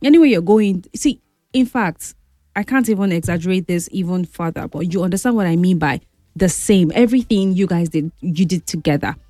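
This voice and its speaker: A young woman telling a story in a chatty, animated, dramatic way. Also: lowish voice, a little fast, no room sound, studio quality. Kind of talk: casual storytelling to camera.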